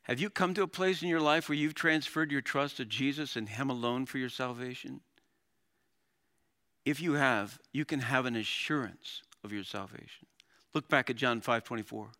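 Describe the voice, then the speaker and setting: A middle-aged male pastor preaching a sermon, animated, with dramatic readings and laughs. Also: mid-range voice, normal speed.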